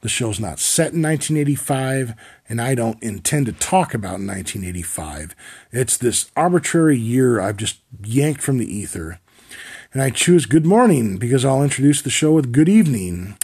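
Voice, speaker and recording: Gravelly man in his forties, wry monologue. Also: mid-range voice, very animated, moderate pace, darkish tone. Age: 40s. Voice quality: wry, profane, rambling. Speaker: podcast host. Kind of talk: comic monologue storytelling.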